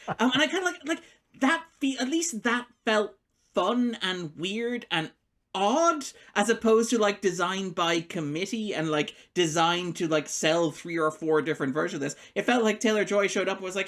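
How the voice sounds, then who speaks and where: A man co-hosting a film podcast, chatting casually and animatedly, laughing often and acting out quoted lines as quick asides. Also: sits high, animated, a bit bright. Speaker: podcast co-host, film critic.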